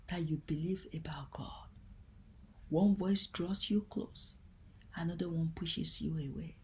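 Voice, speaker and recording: Slow, gentle woman sharing her faith. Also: fairly low pitch. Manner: gentle, earnest and heartfelt. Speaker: Christian teacher. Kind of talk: devotional teaching talk.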